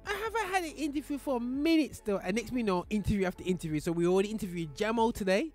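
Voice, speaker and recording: A man hosting a casual podcast chat, animated and quick to laugh, talking over his guest. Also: high-pitched, soft background music. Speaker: host.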